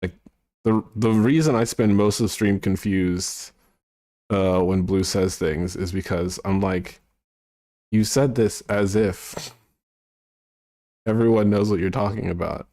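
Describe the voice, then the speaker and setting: A man's voice: lowish voice, steady tone, unhurried, pauses often, warm tone, dry recording, clean studio sound. A man streaming, chatting casually with viewers, rambling and sometimes mumbling to himself.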